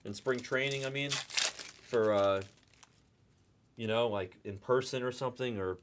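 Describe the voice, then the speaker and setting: A man hosting a live card break stream, chatting loosely with viewers in the chat and pitching spots. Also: measured pace, noisy background. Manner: rambling, chatty, talks to the chat by name.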